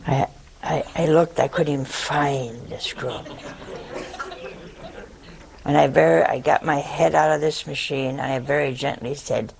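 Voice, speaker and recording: A woman's voice: deep voice, gravelly, darkish tone. An older woman, a nun, telling a humorous anecdote to an audience as a wry storyteller who chuckles at her own tale. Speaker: nun leading a community.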